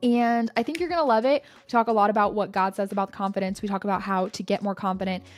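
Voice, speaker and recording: A young woman hosting a faith podcast, chatting casually in a bubbly, animated storytelling way. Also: mid-range voice, fast talker, soft background music. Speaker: podcast host.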